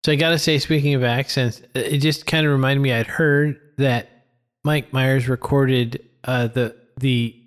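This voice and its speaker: Guy cohosting a movie podcast, mid pitch, wry jokey asides. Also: fairly even intonation, unhurried, clean tone. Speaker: podcast co-host. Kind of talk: casual film chat.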